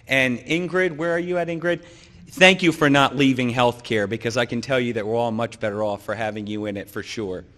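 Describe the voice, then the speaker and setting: A middle-aged man speaks from a conference stage, his voice slightly rough from a sore throat. He clears his throat now and then and keeps a joking tone with the crowd. The sound carries a long reverb from the hall. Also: medium pitch, fairly bright tone. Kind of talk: conference talk.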